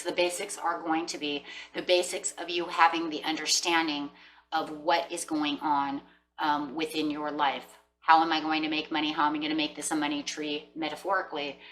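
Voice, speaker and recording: A woman with a low, forceful voice gives a casual, motivational tarot reading and speaks right to her listeners. She sounds earnest and encouraging. Her voice comes from a bit away from the mic, with a faint hum underneath. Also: flat delivery, brisk, distant mic, rough recording. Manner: earnest, encouraging, talks straight to viewers. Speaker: tarot reader.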